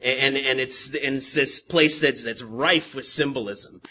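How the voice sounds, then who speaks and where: A man preaching in a church, his voice bright and forward. He moves from steady explanation to fervent, emphatic questions and drops wry jokes to the people in front of him. A faint hum of room ambience sits behind him. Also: mid-range voice, unhurried, few pauses. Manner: builds from calm teaching to impassioned, emphatic questioning; joking asides to the congregation. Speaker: pastor. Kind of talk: sermon. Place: church sanctuary with a congregation.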